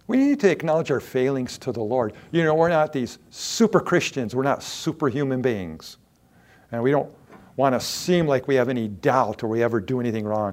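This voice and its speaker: A pastor delivers a sermon in a medium-pitched voice at a moderate pace. He is earnest and emphatic, slipping into soft asides, then rising to loud declarations, and he often repeats words for emphasis.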